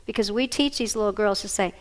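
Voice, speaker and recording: A workshop presenter with a medium-pitched voice talks fast while leading a training session in a conference room before an audience. She animatedly acts out scenes with volunteers, though the audio is poor.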